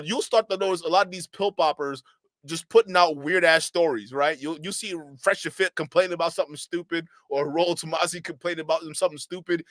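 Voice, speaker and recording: A man hosting reaction commentary with a bright, forceful voice. He rambles and mocks in an animated, sarcastic way, recorded close and dry with no room sound. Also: sits high, no echo. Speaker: commentary channel host.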